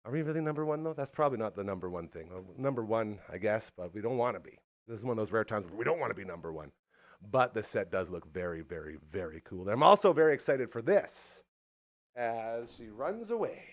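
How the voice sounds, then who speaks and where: A man hosting a live show in a playful, showman-like way, swinging between loud announcing and quiet asides. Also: on the low side, animated, quick pace. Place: show studio set.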